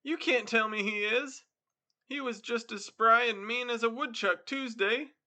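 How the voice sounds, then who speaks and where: A man's voice: extremely high pitch, a little slow, sharp tone, pitched above the performer's own voice, heavily acted. A man reading the part of a frightened, stubborn farmer from New Hampshire, talking in an anxious, pleading way.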